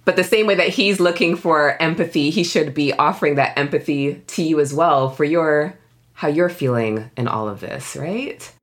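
A woman's voice: sits low, normal speed. A woman hosting an interview, supportive and affirming as she responds to her guest. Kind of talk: interview conversation.

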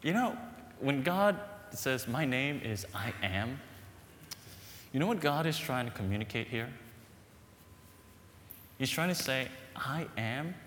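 A man preaching a sermon, animated and emphatic, telling stories with a laugh. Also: mid-range voice, slight background noise. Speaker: pastor. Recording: echoey hall with long reverb.

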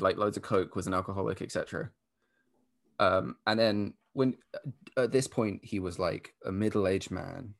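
Low-voiced man explaining casually. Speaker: podcast guest. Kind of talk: casual chat.

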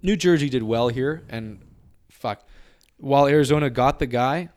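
A man's voice: mid-range voice, normal speed, a little mellow. A man co-hosting a casual sports podcast, blunt and offhand, swearing now and then. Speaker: podcast co-host.

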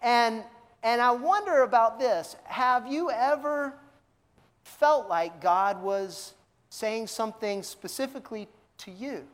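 A man's voice: very high-pitched, animated, slow pace. A male pastor preaching a sermon in a conversational way, asking many questions and often repeating words. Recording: long reverb of a large hall.

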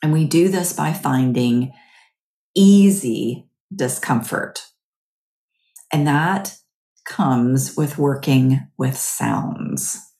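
Slow, low-voiced woman in an echoey room. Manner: gentle, chatty, often asks "right?". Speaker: podcast host. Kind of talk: guided mindfulness talk.

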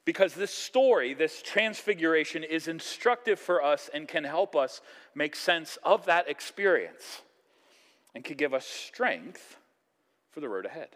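A pastor delivers a sermon in an animated, conversational style, acting out the voices of people he quotes. His voice is a little high and unhurried, and the recording has the sound of a big room.

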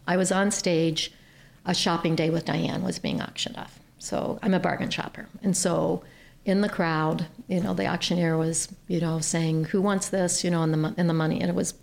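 A woman's voice: lowish voice, creaky. A woman from Ohio, a nonprofit chief executive, telling an earnest story as a podcast guest. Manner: earnest, animated when quoting others. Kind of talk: conversational storytelling.

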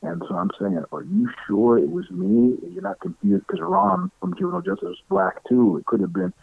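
Middle-aged male guest, animated storyteller with a swinging pitch who acts out other people's lines, dry close sound. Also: fairly quick, gravelly, breathy edge, no room sound. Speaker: interview guest. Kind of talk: casual storytelling. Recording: tinny phone-like line, dry.

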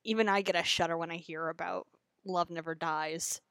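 A woman co-hosting a casual fan podcast, wry and quick to laugh, with casual swearing. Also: lowish voice, steady tone, a bit bright, no echo.

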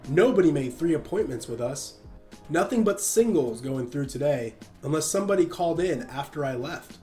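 A man's voice: fairly high pitch, animated, normal speed, mellow, soft background music, natural voice. A man reading the part of a prim, fussy young female clerk in a matter-of-fact way.

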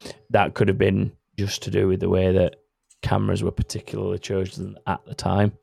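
Gravelly man, casual podcast host. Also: sits low, monotone, brisk, a little mellow, dry recording. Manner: rambling, self-correcting, laughs often. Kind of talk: casual chat.

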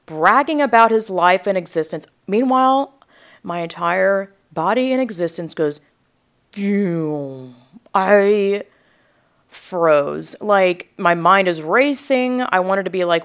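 A young woman podcast host telling a story in a rambling, animated way, full of asides and quoted reactions, with a sore throat. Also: fairly low pitch, normal speed. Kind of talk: casual storytelling.

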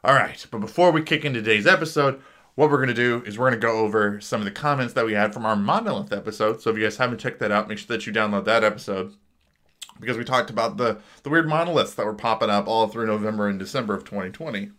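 A man's voice: lowish voice, quick pace, bright, forceful tone. A man co-hosting a casual podcast, rambling and joking about himself. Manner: rambling, jokey, self-mocking. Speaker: podcast co-host.

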